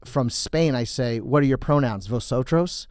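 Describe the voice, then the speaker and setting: A man hosting a comedy podcast in a studio, chatting with an animated, storytelling delivery and a middle-pitched voice. He keeps slipping into goofy voices for his jokes. The sound is dry and close, with no room around it. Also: normal speed, no echo. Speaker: podcast host. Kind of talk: casual comedic chat.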